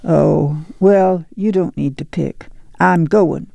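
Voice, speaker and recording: A woman's voice: lowish voice, slow pace, vocal fry, warm tone, no room sound, full character voice. A man voicing a weary but firm farm mother who gives orders in folksy rural dialect.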